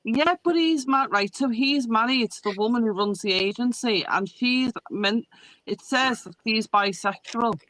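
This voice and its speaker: Podcast co-host, woman, high and bright voice, dry close sound, giggly and animated. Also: measured pace, no echo, poor audio. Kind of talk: casual chat. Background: pet dog nearby.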